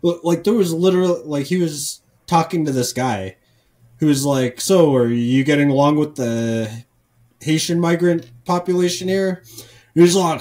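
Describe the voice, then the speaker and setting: A man's voice: on the high side, moderate pace, darkish tone. A man on a casual comedy podcast, ranting profanely and rambling with lots of false starts. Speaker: podcast co-host.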